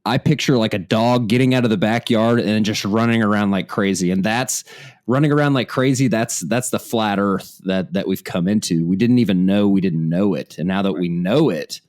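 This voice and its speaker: Low-voiced man explaining with analogies. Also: normal speed, darkish tone. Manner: explains by analogy, agreeable, emphatic. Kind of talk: casual conversation.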